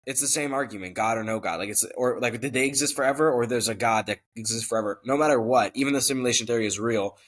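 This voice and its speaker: A man as interview guest, explaining his company quickly and matter-of-factly. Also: medium pitch, fairly bright tone. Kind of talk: casual conversational interview.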